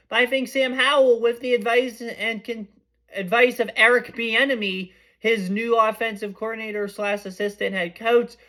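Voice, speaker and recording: A young man hosting a podcast, giving casual sports predictions in a chatty, excitable way and often correcting himself mid-sentence. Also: sits high. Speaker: podcast host.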